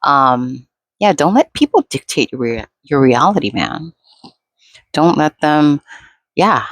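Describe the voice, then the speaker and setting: A woman's voice: sits low, very animated, slow, no room sound. A woman vlogger rambling in a laid-back, unscripted monologue, full of fillers.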